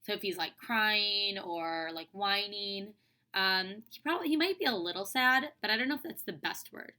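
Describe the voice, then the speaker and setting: Young woman teacher, chatty read-aloud lesson, bright clear voice. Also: medium pitch, moderate pace. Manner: casual, chatty, lots of "like" and "um". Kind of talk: reading aloud and explaining a lesson.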